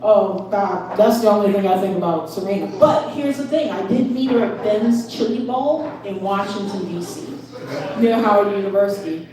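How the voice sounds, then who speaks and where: A woman's voice: medium pitch, normal speed. A woman doing a crude stand-up set at an open mic, laughing through her lines. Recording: echoey room from far off, loud crowd.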